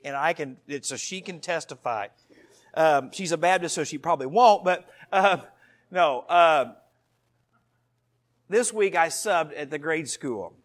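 A man's voice: fairly high pitch, a bit bright. A man in his thirties preaching a sermon to his congregation, earnest and storytelling, with asides to the listeners. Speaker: pastor.

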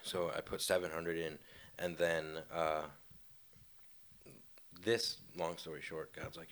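A man's voice: sits low, flat delivery, slow, pauses often, fairly bright tone. A young man telling a faith testimony in a rambling, casual way, full of fillers and laughs.

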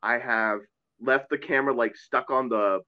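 A man's voice: mid-range voice, steady tone, normal speed, smooth, highs cut off. A man who is a Catholic priest, chatting earnestly and at length on a podcast. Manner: earnest, talkative, self-deprecating. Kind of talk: casual podcast chat.

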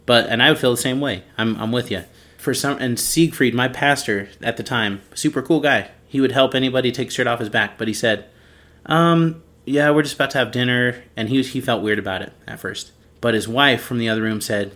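A man co-hosting a podcast, telling a story in a casual, animated way and acting out the people in it. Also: mid-range voice, a little fast. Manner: animated storyteller, acts out quoted voices. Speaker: podcast co-host.

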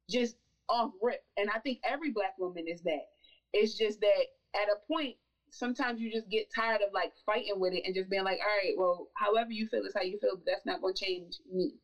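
A woman's voice: mid-range voice, far from the mic, muffled recording. A woman guest on a podcast talking with emphatic, building passion. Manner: emphatic, building to forceful insistence. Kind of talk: impassioned conversational talk.

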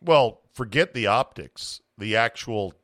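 A man's voice: on the low side, expressive, unhurried, a bit bright, no room sound, studio quality. A man hosting a podcast, chatting about sports in a profane, opinionated way and acting out what players might say. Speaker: podcast host. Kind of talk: casual sports chat.

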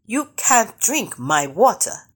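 A woman voicing a mischievous male rabbit trickster in a storybook reading, with a high, bold, teasing voice. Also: sing-song, measured pace. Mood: bossy.

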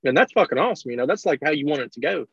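A man's voice: on the high side, animated, racing, gravelly, a bit bright, husky, no room sound, lo-fi sound. Profane guy telling stories. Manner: profane, storytelling, acts out quotes. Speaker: online content creator. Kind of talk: casual podcast chat.

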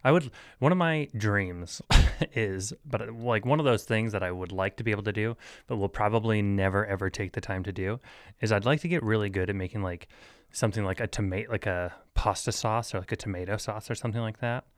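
Laid-back rambling man with a smooth, low voice. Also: fairly quick, dry recording, clean studio sound. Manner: rambling, filler-heavy, laughs at his own jokes; joking, mock-serious asides. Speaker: podcast host. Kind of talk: solo casual podcast rambling.

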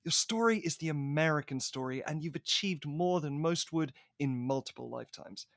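A man with a gravelly, bright, slightly high voice, co-hosting a casual movie review chat. He is playful and laughs often, and the sound is dry and close. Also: moderate pace, dry recording. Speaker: podcast co-host.

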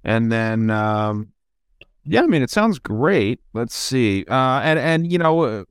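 A man's voice: mid-range voice, sing-song, slow, clear, resonant tone, no room sound. Male podcast host, rambling and laid-back, dry sound. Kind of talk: casual chat on a video call.

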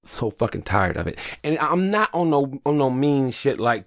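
Animated, profane man ranting on his podcast. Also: mid-range voice, fairly quick, hardly any pauses, no echo, studio quality. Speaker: podcast host. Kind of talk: casual podcast monologue.

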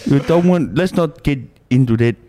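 A man's voice: medium pitch, lively intonation, normal speed, warm tone, a little hiss or hum, voice pushed up, natural voice. A man putting on a cheeky flirting Tongan lad. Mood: flirty. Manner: cheeky, laughing through the lines.

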